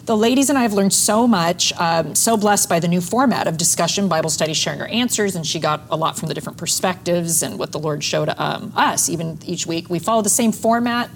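A woman's voice: on the low side, brisk, few pauses. A woman co-hosting a Bible study chat, enthusiastic, reading shares aloud. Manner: enthusiastic, lots of affirming responses. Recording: faint background noise.

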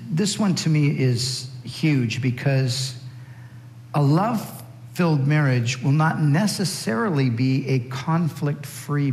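A man co-leading a talk on marriage, relaxed and conversational, with frequent fillers. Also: on the high side, roomy sound, long reverb tail, rough recording. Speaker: co-speaker at a marriage session. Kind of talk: sermon-style teaching.

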